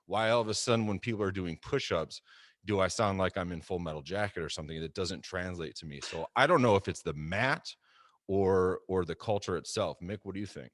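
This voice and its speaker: A very low-voiced American man talks through ideas in a relaxed panel chat. He hedges and circles back, then gets animated when he presses a point. The sound is dry and close. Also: brisk, dry recording. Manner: thoughtful, hedging, animated when making a point. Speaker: co-host. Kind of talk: casual panel discussion.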